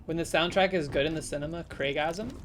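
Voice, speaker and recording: Low-voiced woman streamer chatting casually. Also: fairly quick, noisy background. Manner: casual, playful, talks back to chat with sudden loud exclamations. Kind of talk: live gameplay commentary chatting with viewers.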